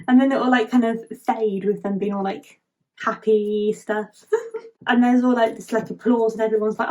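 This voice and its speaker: A woman vlogger tells a story in a chatty, giggly way, peppering every phrase with "like". Her voice sits fairly high and the delivery stays casual and loose. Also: fairly even intonation, fairly quick, a little mellow. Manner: chatty, heavy use of filler "like", giggly. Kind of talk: casual retelling of a rewritten film plot.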